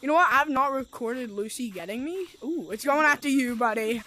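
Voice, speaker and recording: Speaking through a headset mic over a noisy background, a woman with a slightly high voice and lively intonation chats at a moderate pace. She's a gaming vlogger playing a VR game, rambling through stories packed with fillers.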